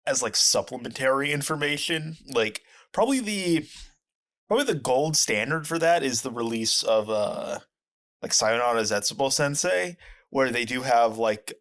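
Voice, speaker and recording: A man co-hosting a casual podcast chat, rambling with many fillers and restarts, his pitch jumping when excited. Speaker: podcast co-host.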